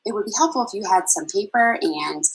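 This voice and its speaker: A woman's voice: medium pitch, animated, brisk, husky, poor audio. A woman teaching young children in an online lesson, patient and encouraging, with a sing-song manner that calls her listeners friends.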